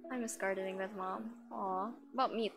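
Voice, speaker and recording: Over game music, a young woman live-streams her gameplay, giggling and chatting casually with her viewers and talking straight to chat. Her mid-range voice is steady, brisk and somewhat creaky.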